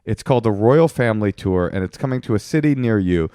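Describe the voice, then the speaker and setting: A man's voice: on the low side, lively intonation, fast, mellow, clear, resonant tone, dry recording, clean studio sound. A man co-hosting a relationship podcast in casual, teasing, argumentative banter. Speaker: podcast co-host.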